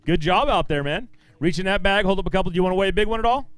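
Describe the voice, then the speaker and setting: A man emceeing a fishing tournament weigh-in outdoors, booming out weights and angler names in an upbeat, lively way over a handheld microphone. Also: racing, clean tone, no echo. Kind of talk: live weigh-in announcing.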